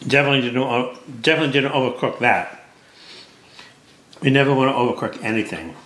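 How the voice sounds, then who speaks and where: A man's voice: medium pitch, fast, fairly bright tone, slight background noise. A man, a cooking show chef, giving casual commentary as he tastes a dish and talks while eating. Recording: roomy kitchen echo, faint clatter.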